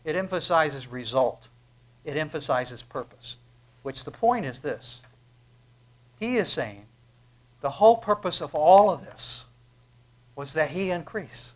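High-voiced preacher swinging hushed to booming. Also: male voice, animated, unhurried, long pauses. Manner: emphatic, swings from hushed to booming, rhetorical questions. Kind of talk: sermon.

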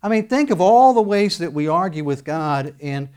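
A man preaching a sermon, animated, acting out quoted voices as he goes. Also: fairly high pitch, normal speed, clear, resonant tone. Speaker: pastor.

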